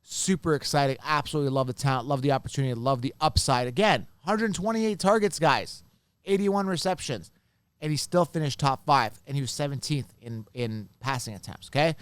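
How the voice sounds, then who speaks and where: Male podcast host, smooth clear voice, animated casual delivery, dry close recording. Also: mid-range voice, brisk, no room sound. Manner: animated, repeats points, addresses viewers as guys. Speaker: fantasy football podcast host. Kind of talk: casual solo commentary.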